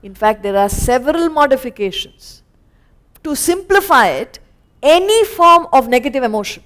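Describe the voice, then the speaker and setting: A woman with an Indian English accent teaching scripture as a spiritual teacher, animated and acting out little scenes. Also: high voice, normal speed. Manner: animated, acts out little scenes in quoted voices. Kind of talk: lecture on scripture. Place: lecture hall.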